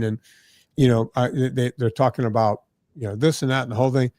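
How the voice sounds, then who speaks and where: A man's voice: medium pitch, fast talker, dry recording, clean studio sound. A man who is a diet and fitness guest, telling stories casually and acting out the people he quotes, often ending lines with "right?". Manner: animated, acts out quoted people, frequent "right?" tags. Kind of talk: casual conversational storytelling.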